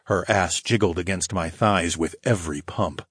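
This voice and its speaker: A man narrating a fantasy audiobook in the first person, with a steady, low growling delivery. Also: moderate pace, breathy edge, no echo, studio quality.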